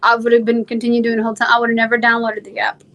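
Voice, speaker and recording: A woman chatting as an interview guest, talking quickly and laughing easily. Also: fairly high pitch, monotone, a bit bright. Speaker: guest, content creator. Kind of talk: casual interview chat.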